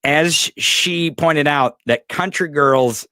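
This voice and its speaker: Bright-voiced joking male guest. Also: a little high, dry recording. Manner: joking, halting. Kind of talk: casual chat.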